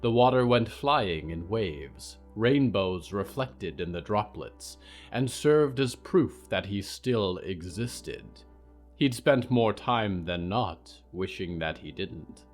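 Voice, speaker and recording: A man narrating a scripted fiction story in a calm, even voice. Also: lowish voice, slow pace, soft background music.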